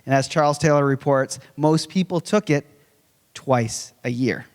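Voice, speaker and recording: A man in his forties, giving a conference lecture in a conversational, animated way with humorous storytelling. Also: mid-range voice, unhurried. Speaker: conference speaker. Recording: long reverb of a large hall.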